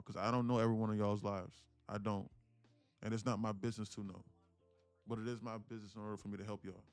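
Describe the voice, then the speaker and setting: A man of about thirty, a day trading streamer, live-streams a heartfelt story to his viewers in a fairly low, darkish, clean voice. He speaks emphatically and repetitively, swearing casually and repeatedly saying "listen, look." The mic is close and dry, with faint music in the background.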